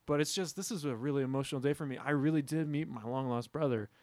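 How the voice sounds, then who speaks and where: A man's voice: a little high, quick pace, darkish tone, dry recording, natural voice. A man playing a meek, earnest rural man who is sensitive and eager to please in an improvised comedy sketch.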